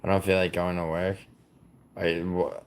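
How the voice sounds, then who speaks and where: A young man from the United States talks loosely to his livestream audience, teasing commenters and rambling in a low, gravelly voice. His speech is full of "like" and restarts. A faint hiss of noise sits under the recording. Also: level tone, moderate pace. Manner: rambling, heavy on "like", teasing viewers. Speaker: livestream host. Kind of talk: casual livestream chat reading comments.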